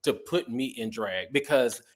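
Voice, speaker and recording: A middle-aged man telling stories in a casual interview, animated and sassy, acting out quotes. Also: medium pitch, measured pace. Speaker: guest.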